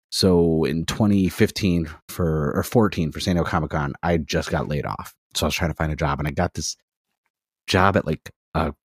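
A man's voice: low voice, husky, no room sound, studio quality. A man in his thirties, a podcast guest in casual chat, telling long anecdotes full of acted-out quotes. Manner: rambling storyteller, heavy on "I was like" quotes.

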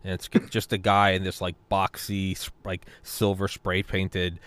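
Deep-ish guy swearing and joking around on a podcast, dry dead room. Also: completely flat delivery, normal speed, a bit bright, clear, resonant tone, no echo. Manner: profane, jokey storyteller who laughs often. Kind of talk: casual podcast chat.

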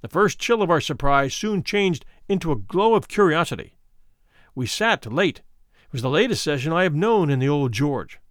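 Expressive male storyteller, lively pitch. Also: moderate pace, no room sound, clean studio sound. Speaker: audiobook narrator. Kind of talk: scripted narration of a classic story.

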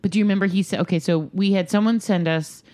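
A woman in her thirties co-hosting a podcast, telling stories in casual chat with dry, deadpan jokes. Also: medium pitch, quick pace. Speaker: podcast co-host.

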